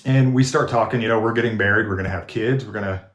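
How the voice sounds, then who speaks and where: A man's voice: lowish voice, quick pace, fairly bright tone. A man in his forties, a nurse guest, telling stories in a loose, rambling way full of restarts. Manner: rambling storyteller with many restarts. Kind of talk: casual live interview chat. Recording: roomy echo.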